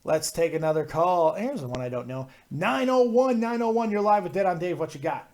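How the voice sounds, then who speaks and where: High-voiced excitable call-in host. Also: male voice, a little fast. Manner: excitable, swears, talks over callers. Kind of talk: live call-in wrestling review.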